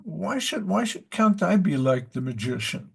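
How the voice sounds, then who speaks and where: A young cartoon mouse cries out in a high, pleading voice, put on by a man telling the story. The squeak sits well above the teller's own voice. Underneath it stays husky and gravelly. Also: sing-song, moderate pace, heavily acted. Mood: wishful.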